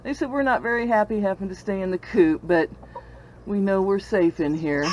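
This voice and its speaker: A woman's voice: mid-range voice, moderate pace, lo-fi sound. An older woman chatting casually in a vlog, recorded outdoors on a farm with a handheld camera. She talks in a chatty way and coos and baby-talks to her animals. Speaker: vlogger on a small farm. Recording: outdoor noise, animals and passing cars.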